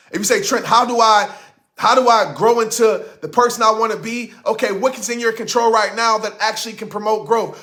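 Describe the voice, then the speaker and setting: A man delivers a motivational speech in a high, forceful voice, leaning into each line like a sermon. He hammers his points home and repeats them for effect, speaking close into a studio microphone. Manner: emphatic, preachy, repeats lines for effect.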